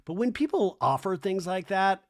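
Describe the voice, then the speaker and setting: A man hosting a comedy podcast, recapping a reality show in a casual, animated way and mimicking the cast in quick put-on voices. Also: high-pitched.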